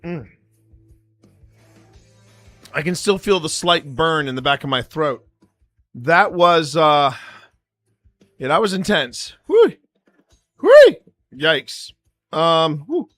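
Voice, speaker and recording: A man's voice: on the high side, animated, slow, pauses often, sharp tone, dry recording, faint music behind. A man hosting a live stream, chatting to his viewers in a rambling way with many fillers, close to the mic. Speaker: streamer host.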